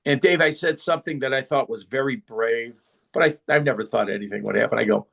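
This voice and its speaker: A middle-aged man, a podcast guest, telling stories in a casual, animated way and acting out the voices of people he quotes. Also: mid-range voice, a little fast, creaky, husky. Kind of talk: casual storytelling.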